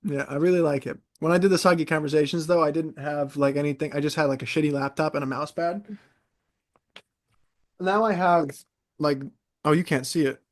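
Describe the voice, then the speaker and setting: A young man from New York chats casually as a podcast co-host, his voice sitting a little higher than most men's. He rambles through an animated story with lots of fillers and restarts. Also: a little fast. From New York, USA. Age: 20s.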